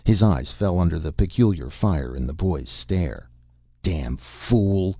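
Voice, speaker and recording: A male narrator reading an audiobook in a measured, even way. His voice is very low and gravelly. The recording is dull and dry, with no room sound. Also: no echo.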